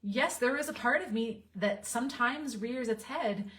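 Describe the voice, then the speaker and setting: A woman in her thirties or forties, a relationship coach speaking candidly to camera in a heartfelt, reflective way with soft laughs. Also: on the high side, a little slow, far from the mic.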